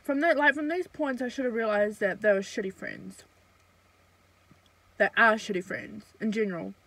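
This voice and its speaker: A young woman vlogging a casual storytime, chatty and blunt, swearing freely and filling pauses with "um" and "like". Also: medium pitch, fairly bright tone, dry recording, poor audio.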